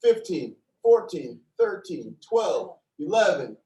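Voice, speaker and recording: A man leads a seated exercise class in a fairly high voice, counting down reps and cheering everyone on. He sounds playful and encouraging. The recording is roomy and echoey, with him standing a little back from the mic. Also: very animated, slow pace, mellow, recorded from a distance. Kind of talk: upbeat class instruction with counting.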